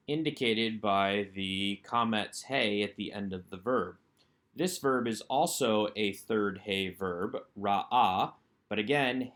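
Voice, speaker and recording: A man's voice: fairly low pitch, fairly bright tone. A man teaching a recorded workbook lesson as an instructor, working through each item methodically by posing a question and then answering it. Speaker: Hebrew instructor.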